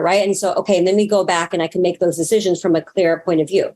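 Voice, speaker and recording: A woman spiritual teacher and healer chats as an interview guest. She is animated, playing out her own inner dialogue and cursing with ease. Her voice sits at an ordinary middle pitch. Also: fast talker, hardly any pauses. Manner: animated, acts out her inner voice, swears freely. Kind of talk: casual interview conversation.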